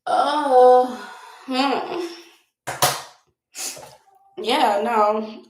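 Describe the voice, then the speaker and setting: A woman's voice: fairly high pitch, vocal fry, a little mellow, roomy sound, poor audio. A young woman vlogger chatting casually while doing her makeup, rambling and laughing often.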